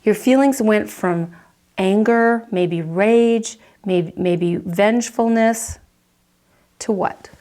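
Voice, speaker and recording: Woman counselor telling a story for a lesson, acts out little reactions, mid pitch. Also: a little mellow. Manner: vivid storyteller, acts out reactions in quick asides. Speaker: counselor teaching a course.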